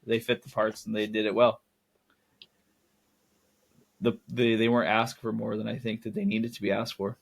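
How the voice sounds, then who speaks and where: A man's voice: on the low side, little pitch movement, moderate pace, creaky, long pauses. A young man co-hosting a casual film podcast, rambling and correcting himself, laughing at his own jokes. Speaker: podcast co-host.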